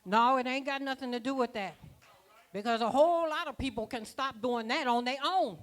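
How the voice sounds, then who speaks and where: A woman's voice: sits high, moderate pace. Woman preaching in folksy rhythms. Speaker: apostle preaching. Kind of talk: sermon. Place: church conference.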